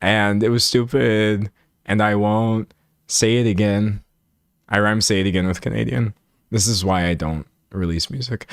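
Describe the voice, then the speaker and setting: A man's voice: fairly low pitch, dry recording, studio quality. A man commentating on a live stream and reading chat aloud. He rambles, restarts his sentences and pokes fun at himself. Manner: animated and rambling, self-mocking, many restarts.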